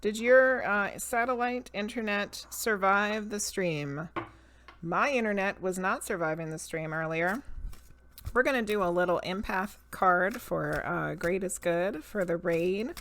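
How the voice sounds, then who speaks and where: A woman's voice: mid-range voice, lively intonation, measured pace, fairly bright tone, slight background noise. A woman streaming live as a medium and tarot reader, chatting casually with viewers, laughing often and greeting them by name. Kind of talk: casual live-stream chat and card reading.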